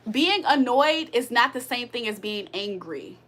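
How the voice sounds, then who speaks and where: A woman's voice: a little high, lively intonation, a little slow, a bit bright. A woman hosting a livestream of spiritual card readings, talking bluntly with heavy profanity, venting her irritation between readings. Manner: blunt, profane, annoyed venting with frequent laughs. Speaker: spiritual reader and livestream host. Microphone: streaming setup.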